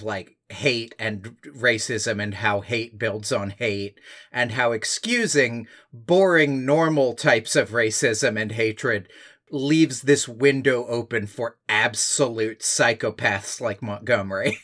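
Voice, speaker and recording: A man's voice: medium pitch, takes it slowly, a bit bright. A man co-hosting a podcast, recounting a film's story in casual discussion, thoughtful and searching for words. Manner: thoughtful, hesitant explaining with fillers. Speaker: podcast co-host.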